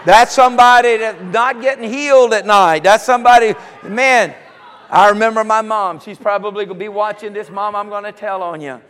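A man's voice: sits high, moderate pace, a bit bright, smooth, big-room sound. A male preacher giving a sermon, telling homely stories and building to fervent declarations. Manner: folksy storytelling, rising to fervent declarations.

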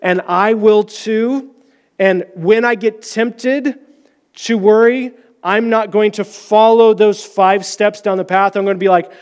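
A man preaching a sermon, animated and storytelling, acting out quotes in sudden higher voices and slowing down gently to pray. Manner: slows down and softens in prayer.

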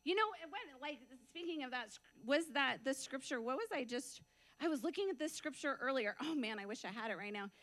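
A woman delivering a sermon testimony in a high-pitched voice. Her tone is bright and sharp. She tells it as a lively story, breaks into frequent laughs and acts out the dialogue. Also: a little fast. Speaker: preacher giving a testimony.

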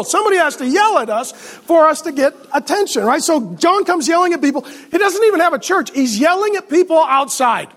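Pastor guy preaching, jokes around a lot, asks the crowd "amen?", really high voice for a man. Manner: animated, joking preaching with asides to the congregation. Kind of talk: sermon.

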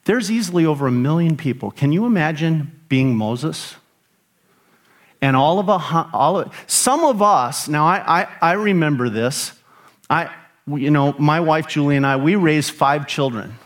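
A man's voice: lively intonation, measured pace. Emphatic middle-aged male pastor preaching. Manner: emphatic preaching, rising pitch on key phrases, rhetorical questions. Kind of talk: sermon.

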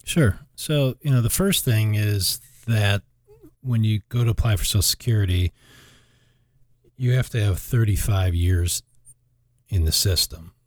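A man hosting a finance talk show, relaxed and making dry jokes. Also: on the low side, measured pace, long pauses, dry recording. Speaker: radio show host. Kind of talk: casual chat.

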